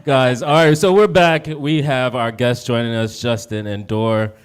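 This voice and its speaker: A man's voice: medium pitch, steady tone, a little slow, slight background noise. A man hosting a live event, chatting casually and laughing between acts. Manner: laid-back, laughing, chatty. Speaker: event host. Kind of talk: casual banter.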